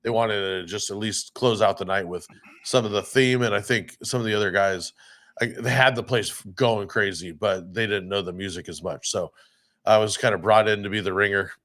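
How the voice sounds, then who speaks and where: This podcast co-host and DJ has a lowish, fairly bright voice and keeps a moderate pace. In relaxed conversation he tells meandering stories about his gigs, cursing freely and performing the voices of the people he quotes.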